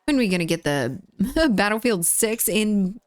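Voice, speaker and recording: A woman streaming a game chats casually in a sing-song, mid-range voice at a normal speed, giggling often as she reads chat messages aloud and replies. The studio-quality recording has no echo.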